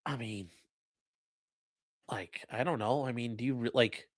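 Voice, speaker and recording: A man's voice: medium pitch, unhurried, no room sound, studio quality. A man hosting a casual livestream, talking bluntly with profane, mocking asides. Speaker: livestream host and lawyer.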